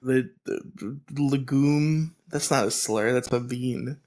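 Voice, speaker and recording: A man co-hosting a podcast in casual chat, riffing in a rambling, profane, animated way. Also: mid-range voice, slow pace. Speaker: podcast co-host.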